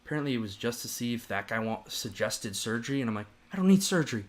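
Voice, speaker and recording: A man on a podcast telling a story in casual chat, animated and profane, rambling with restarts. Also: medium pitch, fast talker. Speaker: podcast host.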